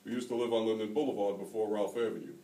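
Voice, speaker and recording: A man's voice: on the low side, racing, mellow, a little hiss or hum, close to an everyday voice. A man reading aloud, voicing a wisecracking, foul-mouthed fifteen-year-old city boy in a roomy hall recorded from a distance. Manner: mocking, crude, smart-mouthed. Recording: roomy hall, taken from far off.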